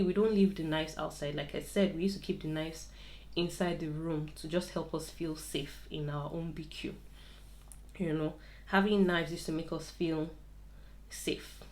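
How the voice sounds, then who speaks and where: A woman's voice: on the low side, a little mellow. A young woman casually telling a story while doing her hair, chatty and repeating words for emphasis.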